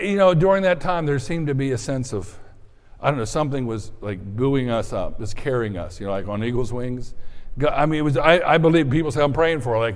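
Conversational male pastor, echoing hall. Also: medium pitch. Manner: conversational, many fillers and restarts. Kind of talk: sermon.

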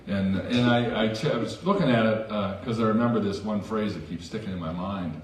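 This man's voice is fairly low and brisk, picked up from a distance with a little hiss or hum in an echoey church sanctuary. Preaching as the pastor, he keeps the sermon conversational with self-deprecating asides.

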